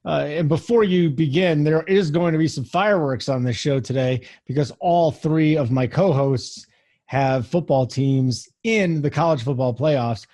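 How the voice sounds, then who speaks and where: A man's voice: on the high side, warm tone. A man hosting a sports podcast, introducing co-hosts and teasing them in casual chat. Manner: teasing, brisk. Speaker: podcast host.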